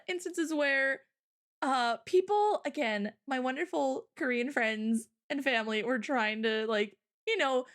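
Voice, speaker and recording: A young woman co-hosting a casual chat, telling stories with lots of laughter and acting out the people she quotes. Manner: animated storyteller, acts out quotes with big pitch jumps and laughter. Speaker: co-host.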